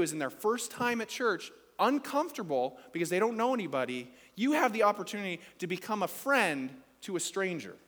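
In a church sanctuary, a pastor preaches to his congregation, speaking casually before building to emphatic peaks. His voice is high with a fairly bright tone. The hall is reverberant, with faint music in the background.

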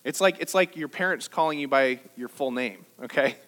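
A man preaching a sermon to his church, conversational and lively, with jokes and rhetorical questions. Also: medium pitch, normal speed. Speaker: pastor. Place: church service.

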